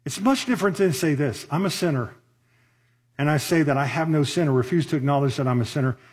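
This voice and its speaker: Man, pastor, sermon, husky voice, fairly high pitch, conversational, rhetorical questions, slows for emphasis.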